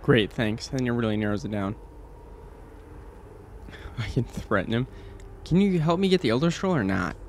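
A man's voice: medium pitch, animated, normal speed, pauses often, slight background noise. A man casually commenting while playing a video game, joking and talking back to the characters on screen. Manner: jokey, chatty, talks to the game characters. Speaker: gamer playing through a game. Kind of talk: let's play commentary. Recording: game music playing underneath. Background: game music.

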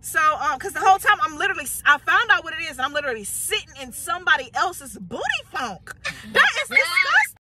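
A young woman vlogging casually to her viewers, telling an exasperated story with animated flair and talking to them directly. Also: high-pitched, fast, few pauses, background noise. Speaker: vlogger, mother. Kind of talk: casual vlog chat. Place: in a car, then outdoors at a park.

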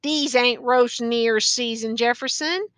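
A woman reading an audiobook, voicing a grieving elderly woman who pleads in a slow, drawn-out way. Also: a bit bright, clear, resonant tone, dry recording. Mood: pleading. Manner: slow, drawn-out pleading with rising high pitch.

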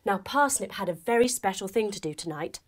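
A young adult woman telling a playful children's story while guiding a yoga class, with expressive delivery and movement cues. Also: mid-range voice, a little fast. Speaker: kids yoga teacher and storyteller.

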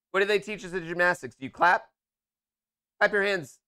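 A man streaming a game from a room at home, chatting in a playful way that swings between low muttering and loud calls. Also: normal speed, pauses often, clean tone, no room sound, studio quality. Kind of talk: live gameplay commentary.

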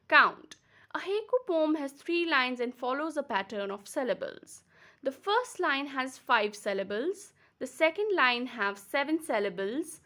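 A woman teacher from Kashmir speaks with an Indian English accent in a bright, fairly high voice. She talks slowly and patiently, repeating words and breaking them into syllables for young learners. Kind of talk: slow classroom explanation.

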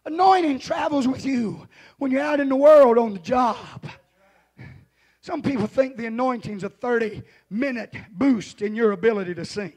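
A man preaching a revival sermon as pastor in a church, hollering in rising shouted refrains. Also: very high-pitched, moderate pace, breathy edge.

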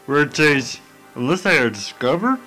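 Young dude reading game lines, voice swoops all over, bright and fairly high. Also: male voice, normal speed, faint music behind. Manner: heckling, jumpy, swings from flat to shouting. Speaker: player voicing game dialogue. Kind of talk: drunken comic dub of game lines.

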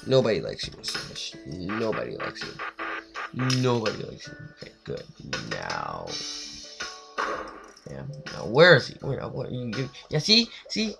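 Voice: medium pitch, wildly swooping pitch, a little slow, creaky. A gamer giving let's play commentary, talking in a frustrated, dramatic way and scolding the fish in the game. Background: faint game music.

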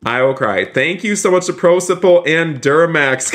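A man streaming a game live, excitable and gushing with thanks, repeating exclamations and saying he is about to cry. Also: fairly high pitch, moderate pace, hardly any pauses, slight background noise. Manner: effusive, gushing thanks to donors.

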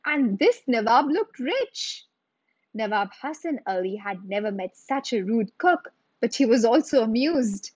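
A woman slowly reading a children's story aloud in a measured storytelling manner. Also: fairly high pitch, very animated, a little mellow, husky, no room sound, lo-fi sound.

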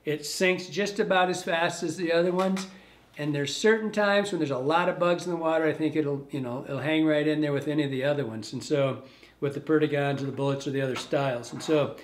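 Speaking a little high and a little fast, a man demonstrates fly tying step by step. His manner is relaxed and rambling, as though he's thinking aloud while his hands keep working.

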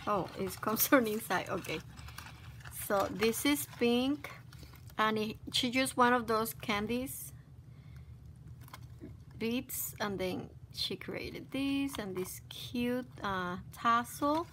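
A woman chats casually to her viewers from her desk at home, gushing over each item she unboxes. Her voice sits a little high and she talks slowly, with frequent excited exclamations. A steady background noise runs under the recording. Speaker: craft vlogger opening mail. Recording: noisy background hiss.

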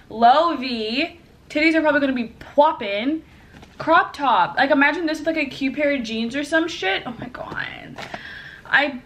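A woman's voice: a little high, fairly bright tone, a little hiss or hum. Bubbly young woman gushing over clothes. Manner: bubbly, gushing, chatty with filler words. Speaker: vlogger. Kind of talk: casual clothing haul chat.

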